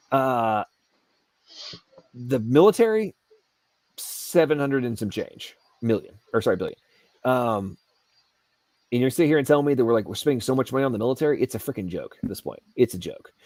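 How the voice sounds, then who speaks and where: A man's voice: mid-range voice, sing-song, moderate pace, long pauses, a little mellow, dry recording. A man hosting an aftershow, ranting heatedly and sarcastically about government waste. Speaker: show host. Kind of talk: aftershow rant. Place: Asheville home studio.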